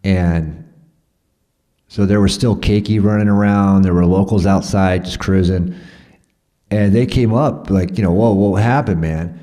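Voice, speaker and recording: A man's voice: deep voice, steady tone, measured pace, pauses often, warm tone. A man telling a rambling personal story in a profane, conversational way, full of fillers and restarts.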